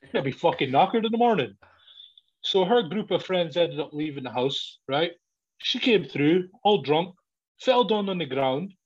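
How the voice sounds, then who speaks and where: A man's voice: expressive, moderate pace, breathy edge. A man telling a story in casual chat, swearing often and laughing as he goes. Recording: dull, low-fidelity recording.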